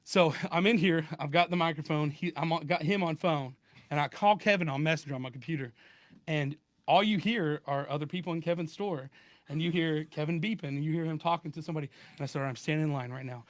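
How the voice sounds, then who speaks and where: A man in a casual podcast chat with friends, telling a story in an animated way and acting out both sides of phone calls. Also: fairly high pitch, quick pace, no echo. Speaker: podcast co-host.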